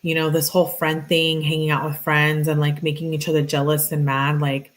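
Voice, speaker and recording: A woman's voice: deep voice, completely flat delivery, a little fast. A woman giving casual true crime commentary, chatty and full of fillers, talking straight to her viewers. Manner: chatty, filler-heavy, addresses viewers directly. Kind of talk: casual commentary reading text messages aloud.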